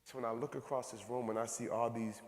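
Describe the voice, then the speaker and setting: A man giving an energetic, repetitive motivational talk, telling a story at a school assembly. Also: medium pitch, quick pace. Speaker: motivational speaker. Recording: echoey hall with long reverb.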